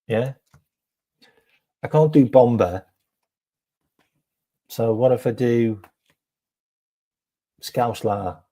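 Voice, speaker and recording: A male stream host talking casually to his viewers in an unhurried way. His voice is dark and relaxed, and he keeps repeating himself and filling gaps with ums. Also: mid-range voice. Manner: chatty, full of ums and repeated phrases. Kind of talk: casual live stream chat.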